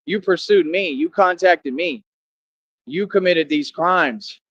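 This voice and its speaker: A man's voice: sits high, takes it slowly, fairly bright tone, no echo, dull audio. A man vlogging outdoors, boasting and confronting his viewers in slang-heavy street talk.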